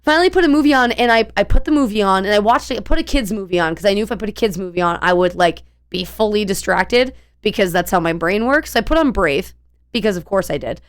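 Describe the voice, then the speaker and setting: A woman's voice: mid-range voice, animated, quick pace. A young woman streamer telling a long story in a casual, rambling way, full of fillers and restarts.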